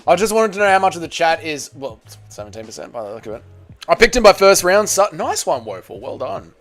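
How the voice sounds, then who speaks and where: A man's voice: fairly high pitch, very animated, fairly quick, faint music behind. A man hosting a casual fight watchalong stream. He reads out chat messages and swears freely. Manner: loose and profane, bursts into shouts at big moments. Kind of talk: casual live-stream commentary and chat reading.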